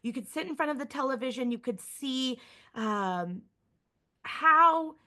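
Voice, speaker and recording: A woman museum educator giving a lively online lesson to students, chatty and checking in with listeners often. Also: high voice, measured pace.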